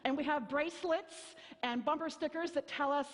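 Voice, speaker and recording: A woman's voice: high voice, normal speed. Woman pastor preaching in a reverberant church. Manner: storytelling, wry and self-mocking, acts out voices. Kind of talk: sermon. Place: church sanctuary. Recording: long hall reverb.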